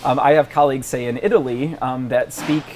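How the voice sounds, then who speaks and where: A man in his forties talks as an interview guest, thoughtful and halting, full of ums and restarts. His voice sits at an ordinary middle pitch. Faint noise hums behind him in a restaurant. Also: steady tone, darkish tone. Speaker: paleontologist guest. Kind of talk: casual interview chat.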